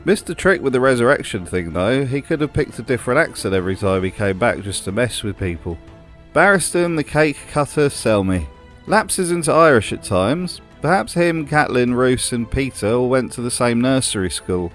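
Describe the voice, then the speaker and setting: A man's voice: medium pitch, lively intonation, moderate pace, soft background music. A man hosting a comedic commentary video, with a dry, sardonic delivery. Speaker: host.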